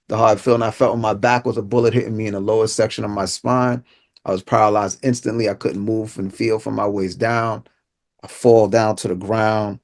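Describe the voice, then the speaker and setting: A middle-aged man from Brooklyn, giving an inspirational speaker's personal testimony in a vivid storytelling way, repeating phrases and dropping to a hush at tense moments. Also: fairly low pitch. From Brooklyn, New York.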